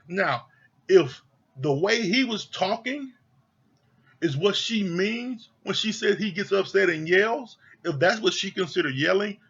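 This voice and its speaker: A man reviews a reality show in a casual, blunt rant and swears without holding back. His voice is bright and a little husky and sits somewhat high. The recording sounds dull and lo-fi. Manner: blunt, exasperated, swears freely.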